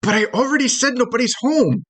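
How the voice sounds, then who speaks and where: A man squeaking as a timid tiny Minish. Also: brisk, fairly bright tone, no echo. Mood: nervous squeaky. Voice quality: high-pitched, stammering. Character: tiny timid male Minish, jumpy and defensive.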